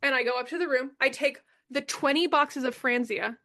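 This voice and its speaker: At normal speed, a young adult woman with a high, bright voice recounts her story as a podcast guest in a forceful tone. She's blunt and emphatic, swearing freely and repeating the lines important to her.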